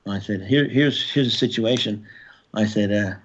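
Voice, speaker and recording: A man in his sixties, a former Marine and podcast guest, telling war stories in a casual, profane way and shouting out reenacted orders. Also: fairly low pitch, normal speed. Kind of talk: casual storytelling interview. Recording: slightly dull podcast audio.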